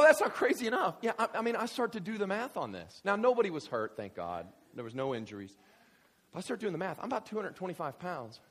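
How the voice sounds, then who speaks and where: A male guest preacher telling a story in a sermon, full of restarts and rising to shouts. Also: extremely high pitch. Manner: animated, many restarts, builds to shouting.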